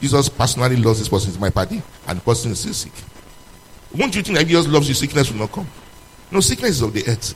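A man delivers a sermon to his congregation, his pitch leaping and falling all through it. He hammers out loud, pointed questions, then drops to a quiet, low voice. A faint room hum sits beneath him. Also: quick pace, low-quality recording. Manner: animated preaching, swinging between loud emphatic questions and low, quiet passages. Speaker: preacher.

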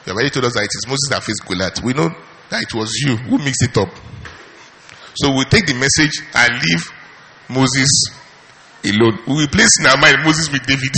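An emphatic male pastor preaching a sermon, his bright, forceful voice ringing out. He repeats his key phrases and answers his own questions. A long reverb hangs in the church hall. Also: mid-range voice, brisk.

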